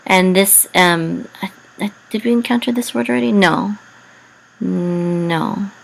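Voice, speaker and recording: A woman teaching biblical Hebrew reading, carefully spelling out letters and vowel sounds with frequent pauses. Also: medium pitch, gravelly, low-quality recording. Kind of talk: slow explanatory lesson.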